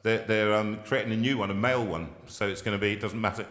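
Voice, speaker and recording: A man's voice: fairly low pitch, fairly even intonation, quick pace, a bit bright, reverberant, big-room sound. A man hosting a live chat show, joking and rambling in a self-mocking way. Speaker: singer and show host. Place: music room.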